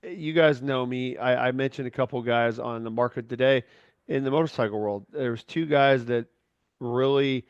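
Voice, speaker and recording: A man's voice: mid-range voice, normal speed, clean tone, no room sound, highs cut off. A man hosting a podcast in casual chat, talking in a candid, rambling way with frequent restarts and free swearing. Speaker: podcast host.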